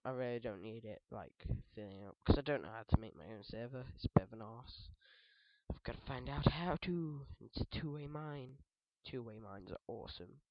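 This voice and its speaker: Rambling British teen gamer. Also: male voice, medium pitch, dry recording. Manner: rambling, jokey, self-correcting. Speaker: gaming video host. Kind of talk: casual let's play commentary. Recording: dull dry lo-fi mic.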